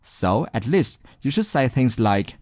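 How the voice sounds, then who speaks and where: A man teaching exam speaking skills in scripted narration, encouraging and deliberate, stressing key words. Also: mid-range voice, big pitch swings, a little mellow, no echo, clean studio sound.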